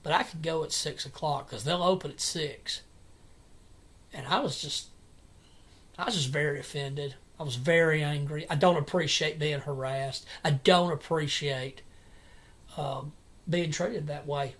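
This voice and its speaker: A man in an angry personal vlog rant at home at night, agitated and repetitive, with halting restarts. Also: fairly high pitch, fairly even intonation, a bit bright, husky. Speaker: vlogger.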